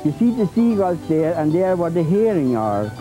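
A man demonstrating oil painting on a 1980s TV show, talking in a halting, repetitive way with many fillers and playful folksy phrases. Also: fairly high pitch, sing-song, warm tone, soft background music, low-quality recording. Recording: 1980s TV tape transfer.

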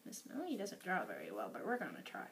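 A woman teaching preschool circle time, talking slowly in an exaggerated sing-song way and dropping to whispers for effect. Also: fairly low pitch, wildly swooping pitch, fairly bright tone, slight background noise. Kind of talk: circle time lesson for young children.

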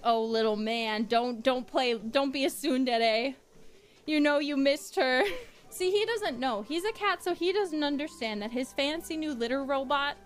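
High-voiced, animated woman streamer. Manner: animated, dramatic storytelling with frequent laughter. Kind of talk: casual livestream chat.

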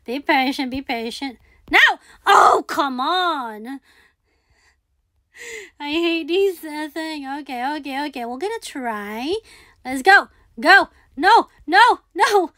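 A woman's voice: high voice, lively intonation, slow, bright, forceful tone, no room sound, clean studio sound. A woman giving live commentary on her own gameplay, talking herself through each move, repeating words and pleading with the game. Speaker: gaming video creator.

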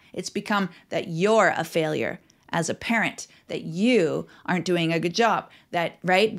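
A woman's voice: medium pitch, fairly bright tone. A middle-aged woman hosting a parenting podcast, talking earnestly and acting out her own racing thoughts. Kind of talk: solo podcast talk.

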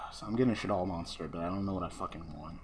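A man with a fairly low voice talks through an online card duel in loose, casual commentary. He swears constantly and swings from quiet muttering to loud ranting. A faint hiss of noise sits under the recording. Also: quick pace. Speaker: gaming channel host.

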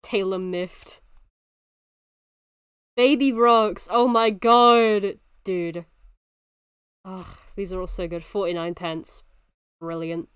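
A young woman in her twenties streaming a game, excitable and laughing often, swearing freely. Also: medium pitch, clear, resonant tone, no room sound, clean studio sound. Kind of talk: casual livestream commentary while gaming.

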